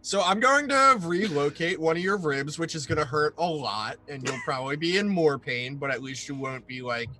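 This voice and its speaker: A man with a fairly high, very lively voice, joking with friends as a tabletop game player. His pitch jumps around a lot, with faint music under the talk. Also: normal speed, hardly any pauses. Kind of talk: playing a tabletop game over voice chat.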